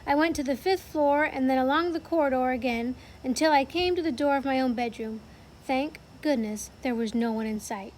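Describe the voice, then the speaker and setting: A woman's voice: high voice, moderate pace, a little hiss or hum. A woman teacher reading a novel aloud to her class from home, in a plain, friendly way.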